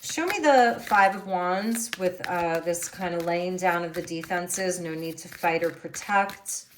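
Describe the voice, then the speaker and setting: A woman's voice: lowish voice, unhurried, background noise. A woman doing a tarot reading, musing and thinking aloud as she turns over the cards. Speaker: tarot reader.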